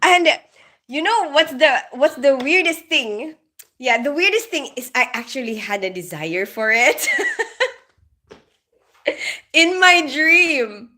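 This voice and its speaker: A woman's voice: high-pitched, lively intonation, slow, long pauses, sharp tone. A woman chatting casually on a livestream, giggling often and greeting viewers as she goes. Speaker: nurse livestreamer.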